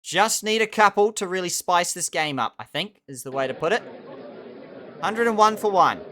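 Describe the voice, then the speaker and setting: A young man giving excitable, animated play-by-play commentary over a cricket management game. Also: sits high, normal speed, a faint crowd, a little hiss or hum. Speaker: gaming channel host.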